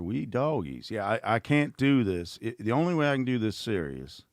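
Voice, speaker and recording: A middle-aged man rambles through a casual livestream with sarcastic, mocking asides. His voice sits very low and deep. The sound is dry and close, with no room around it. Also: no echo. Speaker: host.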